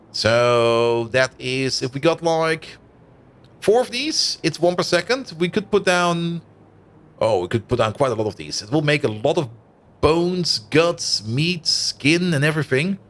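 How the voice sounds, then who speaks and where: A man's voice: fairly high pitch, very animated, unhurried, a bit bright. A man in his thirties with a Dutch-German accent who grew up in Germany, casually thinking aloud as he streams a game and chats with viewers. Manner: thinks aloud while playing, chatty, laughs easily. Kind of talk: casual let's-play commentary.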